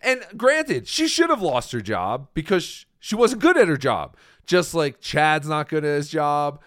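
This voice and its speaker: A man with a fairly high voice talks on a live stream in an emphatic, sarcastic way. His pitch swings widely as he talks. The sound is dry and close. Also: very animated, measured pace, a bit bright, no room sound. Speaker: podcast co-host. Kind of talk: casual live-stream banter.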